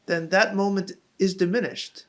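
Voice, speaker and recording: Higher-voiced man thinking aloud. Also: fairly even intonation, fairly bright tone. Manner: halting, thoughtful, restarts phrases while reasoning aloud. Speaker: podcast host. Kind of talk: interview conversation.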